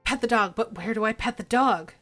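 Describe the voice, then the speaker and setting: A woman's voice: on the high side, a little fast, a bit bright, faint music behind. A woman streamer playfully reading a dating game aloud and chatting with viewers.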